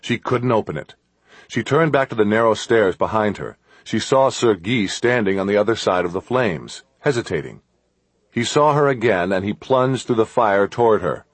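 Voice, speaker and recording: A man narrating an adventure audiobook in a steady, measured storytelling manner. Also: lowish voice, husky, no room sound.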